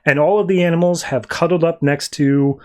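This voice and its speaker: Male podcast host, slightly higher voice, rambling casual comic recap. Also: fairly even intonation, fairly quick, darkish tone. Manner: rambling, voices characters loosely in quotes.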